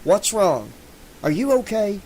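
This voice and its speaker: A man's voice: high voice, big pitch swings, takes it slowly, darkish tone, a little hiss or hum, voice pushed up, exaggerated voice, poor audio. A man voicing a young Southern American jock, his speech slightly slurred and defensive.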